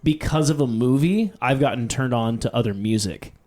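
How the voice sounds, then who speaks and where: A man's voice: medium pitch, moderate pace, darkish tone. Rambling laughing podcast co-host man. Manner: rambling, laughs a lot, lots of fillers. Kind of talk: casual chat.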